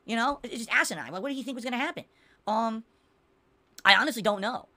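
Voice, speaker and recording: Woman podcaster ranting fast at home, bright sharp voice, fed up. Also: on the high side. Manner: exasperated, talks to chat viewers. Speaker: podcast host. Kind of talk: casual livestream rant. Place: home room with blinds.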